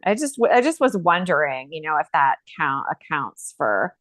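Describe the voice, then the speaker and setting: A woman with a somewhat low voice co-hosts a relaxed talk, drifting through chatty asides and half-finished thoughts. Her sound is dry and close, with no room around it. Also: normal speed, no echo. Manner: chatty, loose, trailing asides. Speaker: co-host. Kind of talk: casual panel chat.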